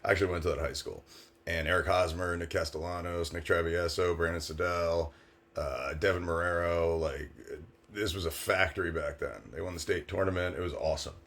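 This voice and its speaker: A man with a very deep, low voice tells a story in a casual monologue. He is brash and sarcastic and gets animated when he quotes other people. He sounds like a man in his thirties. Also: fairly quick. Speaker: former sports agent storyteller.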